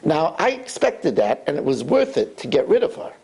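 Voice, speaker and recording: Animated, gravelly rabbi telling stories. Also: male voice, fairly high pitch, moderate pace. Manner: animated storyteller, wry and lively. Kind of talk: sermon with storytelling.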